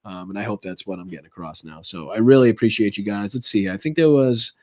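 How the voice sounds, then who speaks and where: Chatty podcast host. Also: male voice, lowish voice, fast, dark tone. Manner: loose and chatty, swears, thanks viewers. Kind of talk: casual live-stream chat. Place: home, live stream.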